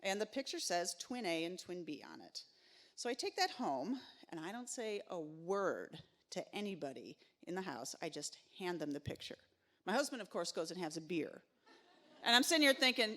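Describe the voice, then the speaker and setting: A woman's voice: on the low side, animated, moderate pace. A woman telling a personal story live on stage into a microphone, conversational and wry, with many filler sounds.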